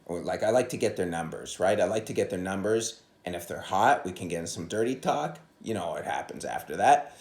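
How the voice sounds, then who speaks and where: A man's voice: low-pitched, animated, a little fast, reverberant. A man, a stand-up comedian, rambling through a profane solo podcast monologue, recorded on a phone propped against a coffee cup. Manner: profane, rambling, jumps into loud impressions.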